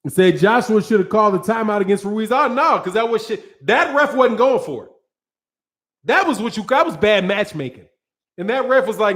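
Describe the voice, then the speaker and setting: High-voiced, slangy boxing commentator man. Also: fairly quick. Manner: animated, slangy, laughs often, acts out quotes. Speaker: boxing commentator hosting a channel. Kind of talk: casual live-stream commentary.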